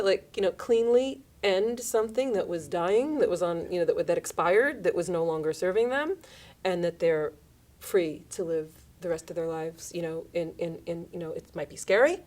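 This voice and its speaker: Radio host, woman in her thirties or forties, chatty and animated, pitching up and down to act out quoted lines. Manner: animated, acts out quoted lines in shifting voices. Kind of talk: casual radio chat.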